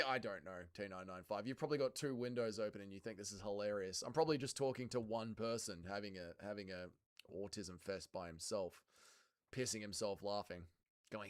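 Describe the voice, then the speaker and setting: This Australian livestreamer has a low, clean voice and talks briskly. Swearing freely, he bantters with and makes fun of his chat while reading out viewer comments in a casual stream.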